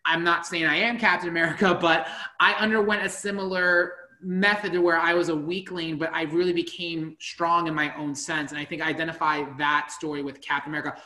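A man in his late twenties, an outgoing cosplayer chatting excitedly as a guest in an interview. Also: fairly high pitch, fairly quick, hardly any pauses. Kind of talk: casual interview chat. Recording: echoey room.

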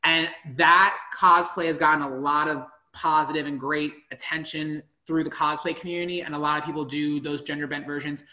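Excitable man, bright, echoey room. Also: on the high side, a little fast, few pauses. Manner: outgoing, excitable. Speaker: guest, cosplayer. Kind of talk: casual interview chat.

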